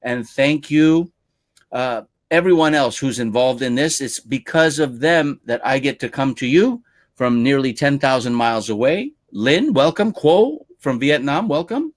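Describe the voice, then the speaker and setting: A man's voice: medium pitch, expressive, a little slow. A male lead trainer hosting a live-stream webinar, upbeat as he reads out viewer names one by one and welcomes them.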